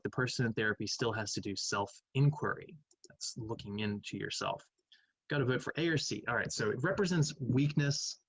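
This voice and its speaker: A man's voice: mid-range voice, no echo, low-quality recording. A man who teaches math, casually reviewing quiz answers in a recorded lecture, thinking aloud and humming between questions.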